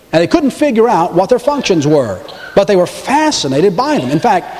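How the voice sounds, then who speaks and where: A man preaching a sermon, animated, with dramatic pauses and big swings in his voice. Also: a little high, long reverb tail. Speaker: pastor.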